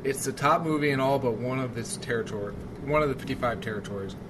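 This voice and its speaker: A man hosts a casual podcast, working through prepared notes with a dry, wry delivery. He is captured on a handheld field recorder, and a steady noise sits under his voice. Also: mid-range voice, fast talker. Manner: reads prepared news items, dry and wry. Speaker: podcast host. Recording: noisy amateur podcast recording.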